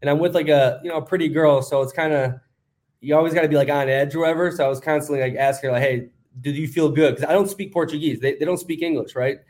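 A man's voice: on the high side, steady tone, quick pace, a little mellow. A man co-hosting a podcast, telling a long story in a rambling, casual way with lots of fillers. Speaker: podcast co-host.

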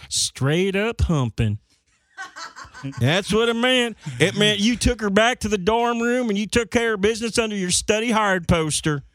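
High, rowdy male radio host. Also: fairly bright tone, dry recording, studio quality. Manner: laughing, rowdy storyteller. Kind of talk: casual banter.

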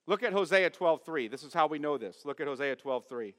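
A man preaching a sermon as pastor, emphatic, asking his congregation questions and swinging from loud stress to quiet asides. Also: a little high, animated, a little fast, in a large hall. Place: church sanctuary.

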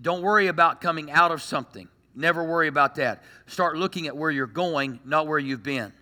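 A man preaching a sermon to a church congregation, animated and full of joking asides. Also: on the high side, a little fast, big-room sound. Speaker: pastor.

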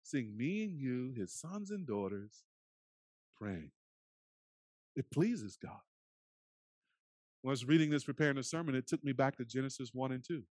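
Man, pastor preaching, earnest, hushed soft passages, dry close mic. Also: medium pitch, animated, moderate pace, pauses often, no room sound. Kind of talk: sermon. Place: church sanctuary.

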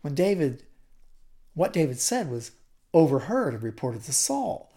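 Woman, Bible teacher, conversational storytelling, lowish pitch, animated intonation, chatty asides. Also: unhurried. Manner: chatty asides, repeats words.

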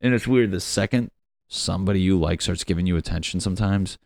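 A young man riffs in a loose, rambling rant, swearing constantly and tripping over fillers. His voice sits low. The sound is dry and close, with no room around it. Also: fairly quick, vocal fry, a little mellow, dry recording. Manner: profane, rambling, ranting with frequent fillers.

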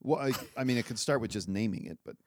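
A man co-hosting a podcast in casual chat, teasing his partner with deadpan quips. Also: mid-range voice, fast talker, a little hiss or hum. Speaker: podcast co-host.

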